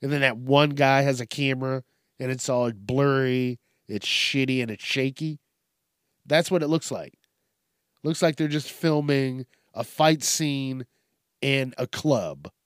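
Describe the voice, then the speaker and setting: A man hosting a profane comedic news show, ranting and telling stories in a crude, animated way. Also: medium pitch, measured pace, clean tone, no room sound, studio quality. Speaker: show host.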